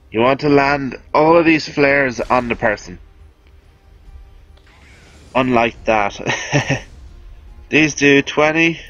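Game guide host: man, unhurried, offhand and chatty, dull dry home mic with faint music underneath. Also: medium pitch, fairly bright tone, no echo. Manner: chatty, offhand, self-amused. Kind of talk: casual gameplay commentary.

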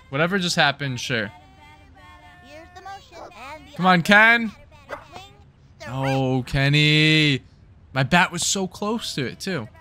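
A man talking through a baseball video game in casual, excitable commentary, cheering his players on by name. His voice is bright and forward, and he speaks in a slow, drawn-out way. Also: fairly high pitch. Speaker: gaming channel host.

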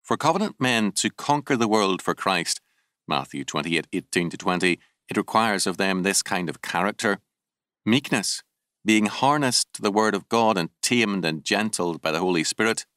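A man with a notably low voice narrates a theological audiobook. His reading is measured and deliberate, with emphatic rises on key terms. The sound is close and dry, with no room around it. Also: expressive, fairly bright tone, no room sound.

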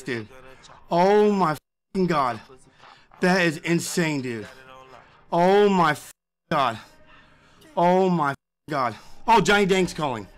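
Man, live streamer, very high voice, bright tone, profane, repeats himself. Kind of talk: live-stream talk to viewers.

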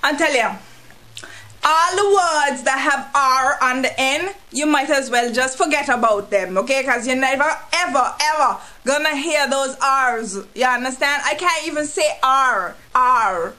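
A woman's voice: sits high, measured pace, sharp tone. A woman with an Anguillian accent, talking playfully to camera in a comic monologue, teasing and acting out exaggerated examples. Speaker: vlogger.

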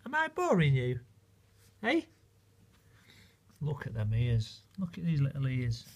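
A man's voice: mid-range voice, huge pitch swings, unhurried. A man filming a casual home vlog, talking fondly to his new puppies in doting baby talk and chuckling often. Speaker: vlogger. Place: at home indoors.

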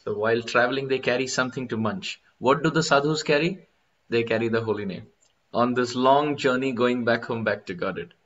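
Man, devotional lecture, mid-pitched voice, chants verses expressively, slightly dull lo-fi recording. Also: a little fast, fairly bright tone. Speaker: spiritual teacher.

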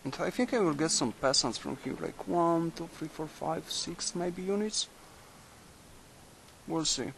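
A young man quietly musing aloud while playing a strategy game, halting and thinking out loud. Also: a little high, vocal fry, a little hiss or hum, rough recording. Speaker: video game commentator. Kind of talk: late-night let's play commentary.

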